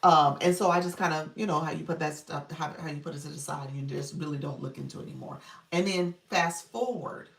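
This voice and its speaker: Low-voiced woman chatting on a roomy livestream. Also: steady tone, brisk, creaky, a bit bright, far from the mic. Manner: chatty, laughs often, reads viewer comments aloud. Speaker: live-stream coach. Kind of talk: casual live-stream chat. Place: room at home, child heard in background. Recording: roomy livestream audio from off-mic.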